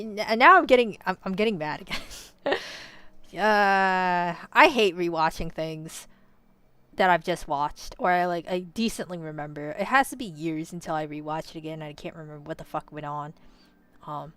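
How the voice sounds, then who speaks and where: A woman in a casual, rambling commentary, full of "you know"s and self-corrections, swinging between quiet musing and loud outbursts. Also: fairly low pitch, moderate pace, clear, resonant tone, no echo. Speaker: vlogger.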